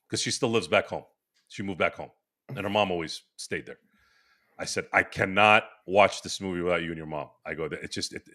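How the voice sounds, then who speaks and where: Podcast host, male, forties, bright forceful voice, rambling animated storyteller. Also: sits low. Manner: animated, laughing storyteller with many restarts. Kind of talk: casual storytelling. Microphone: remote stream microphone.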